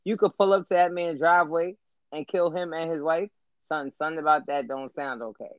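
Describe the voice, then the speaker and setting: A man's voice: a little high, fairly even intonation, fairly quick, clear, resonant tone, no room sound. A man co-hosting a podcast, chiming in and reacting in casual chat. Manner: reactive, laughs and chimes in. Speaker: podcast co-host. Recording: dull lo-fi sound.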